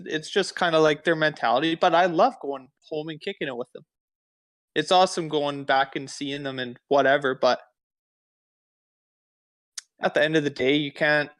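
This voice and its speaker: A man's voice: a little high, fairly bright tone. A man co-hosting a casual podcast, laid-back and ending points with "right?". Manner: laid-back, many fillers and "right?" tags. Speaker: podcast co-host.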